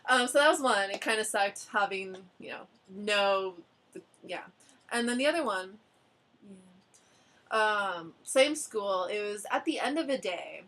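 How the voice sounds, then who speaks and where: Animated woman telling stories, laughing often. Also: mid-range voice, a little slow. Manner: animated storyteller, acts out quotes, laughs often. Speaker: ALT teacher sharing stories. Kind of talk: casual chat among friends.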